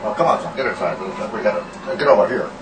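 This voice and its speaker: Blustering swearing man, lively pitch. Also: quick pace. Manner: crude, blustering, heavy swearing. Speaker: uncle confronting a teacher. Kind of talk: improvised comedy sketch. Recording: echoey, distant, noisy amateur recording.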